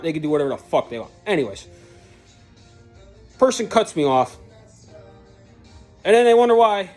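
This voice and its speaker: Sweary fired-up rant vlogger. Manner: heated, sweary, blunt; jumps from shouty peaks to low grumbling. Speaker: truck channel vlogger. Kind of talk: angry profane rant to camera.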